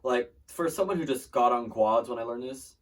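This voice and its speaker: A man's voice: medium pitch, moderate pace. Chatty man teaching drumline parts. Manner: chatty, self-deprecating, trails off mid-demonstration. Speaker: drumline instructor. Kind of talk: casual drum lesson. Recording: distant mic with loud drum music.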